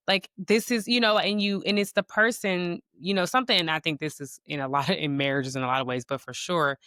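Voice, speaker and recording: A woman hosting a podcast in casual talk, chatty and quick to affirm her guest. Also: lowish voice, fairly even intonation, a bit bright, smooth, dry recording, studio quality. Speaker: podcast host. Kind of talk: casual conversation.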